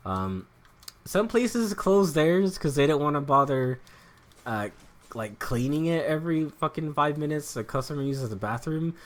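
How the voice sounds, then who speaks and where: Lively young man ranting while gaming. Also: a little high. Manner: rambling, joking, swears freely, laughs often. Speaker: gaming streamer. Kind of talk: casual chat while gaming.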